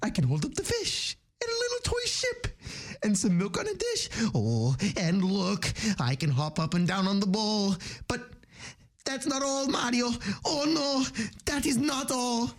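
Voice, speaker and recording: A man doing an impression of Mario, an excitable cheerful plumber, in a high squeaky voice. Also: a little slow, exaggerated voice. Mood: gleeful.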